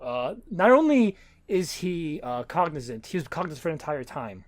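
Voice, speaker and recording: A man co-hosting a podcast, talking excitedly about a comic and stumbling over his words as he explains. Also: a little high, moderate pace. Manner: excitable, stammers and restarts. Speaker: podcast co-host. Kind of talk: casual comic book discussion.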